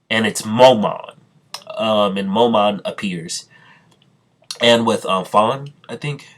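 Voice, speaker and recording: A man casually retelling an anime storyline, halting often with fillers and self-corrections and voicing the characters' lines in his own everyday voice. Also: on the low side, a bit bright. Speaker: storyteller recapping an imagined anime plot. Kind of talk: casual spoken recap with quoted dialogue.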